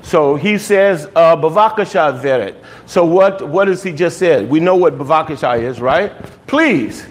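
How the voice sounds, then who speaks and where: A man's voice: fairly high pitch, a little slow, low-quality recording. A man teaching a language class in a patient, explaining way, often stopping to check that students follow. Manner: patient, checks understanding with frequent "okay?". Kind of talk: classroom lesson.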